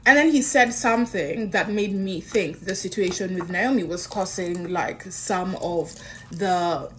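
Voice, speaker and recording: A young woman casually telling a personal story, animated and chatty, acting out the lines of others. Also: lowish voice, measured pace, slight background noise. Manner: animated, acts out dialogue, chatty with fillers. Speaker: interviewee.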